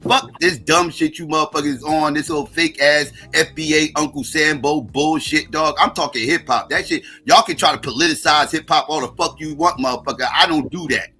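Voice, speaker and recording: A man's voice: fairly high pitch, steady tone, fairly quick, hardly any pauses, sharp tone, breathy edge, soft background music. A middle-aged American man hosting a livestream, ranting in a heated, profane, combative way. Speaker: livestream host.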